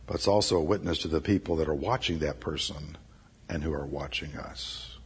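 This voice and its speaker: A man's voice: very deep voice, fairly even intonation, brisk, husky. A man preaching a sermon, emphatic and repeating his key phrases. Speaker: pastor.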